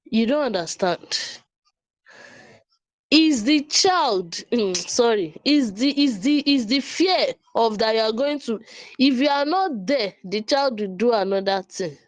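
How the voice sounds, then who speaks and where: A woman gives parenting advice in an earnest, casual way. Her voice sits fairly high and she takes her time. She is recorded close and dry, with no room sound around her. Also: expressive, a little slow, no echo. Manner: earnest, frequent laughs, restarts and repeats words. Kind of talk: casual talk to camera.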